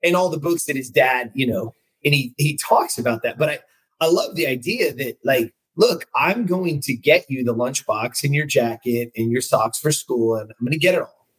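A man's voice: medium pitch, animated, normal speed, fairly bright tone, breathy edge, poor audio. A man hosting a casual conversation, reflective and recapping points with asides. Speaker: podcast host.

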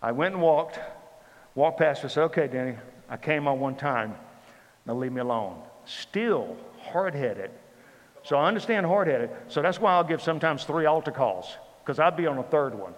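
An older man preaching a testimony sermon, acting out dialogue and swinging from loud bursts to hushed tones. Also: on the high side, lively intonation, normal speed. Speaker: pastor. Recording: long hall reverb.

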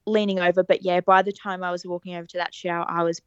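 Brief: young woman, chatty podcast guest, expressive storyteller, slightly dull and dry recording. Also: fairly low pitch, fast talker, clear, resonant tone, no room sound. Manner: animated, laughs often, acts out quoted lines. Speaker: podcast guest telling her birth story. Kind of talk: casual storytelling interview.

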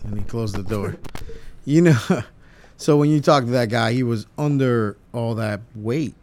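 A man, a fellow first responder, chiming in during a casual conversation, halting and restarting as he adds details. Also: medium pitch, darkish tone, a little hiss or hum.

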